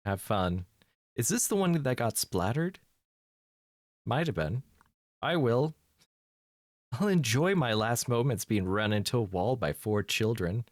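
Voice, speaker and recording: A man's voice: medium pitch, animated, measured pace, pauses often, no echo. Congested man with dry, sardonic humor. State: congested sinuses. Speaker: let's play host. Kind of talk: horror game commentary.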